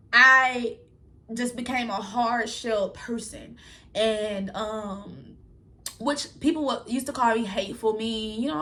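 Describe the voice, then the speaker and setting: A woman's voice: fairly high pitch, bright, forceful tone. A young woman vlogger talking frankly and casually to her viewers, rambling through a personal story. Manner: rambling, frank and colloquial, addresses viewers as y'all. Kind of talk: candid personal storytelling to camera.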